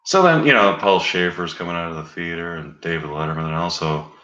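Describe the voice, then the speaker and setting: Low-voiced guy rambling thru a comic story, slow and meandering, echoey room. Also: sharp tone, lo-fi sound. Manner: meandering, full of fillers and stalls. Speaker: comedic storyteller. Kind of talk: improvised rambling comic monologue.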